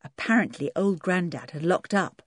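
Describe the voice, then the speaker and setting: Low-voiced woman reading a storybook. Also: moderate pace, no echo, studio quality. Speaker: audiobook narrator. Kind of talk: storybook narration.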